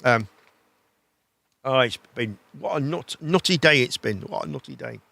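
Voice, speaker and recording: A man hosting a live chat show, rambling in a casual, animated way and swearing freely. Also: medium pitch, moderate pace, vocal fry.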